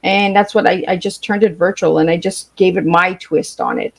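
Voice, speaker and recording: A woman's voice: lowish voice, steady tone, moderate pace, creaky, slightly rough. A woman guest on a podcast, talking casually in a blunt, straightforward way. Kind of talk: casual chat.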